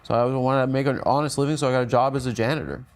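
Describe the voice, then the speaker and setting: A man's voice: medium pitch, racing. A man in comedic podcast banter, telling an absurd made-up life story with a straight face. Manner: deadpan, spinning absurd bits.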